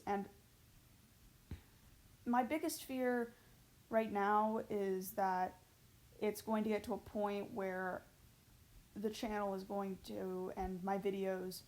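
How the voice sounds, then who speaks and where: A woman's voice: mid-range voice, a little mellow. Emotional, self-critical woman vlogging. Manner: halting, with many pauses and restarts. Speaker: YouTuber. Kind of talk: confessional vlog.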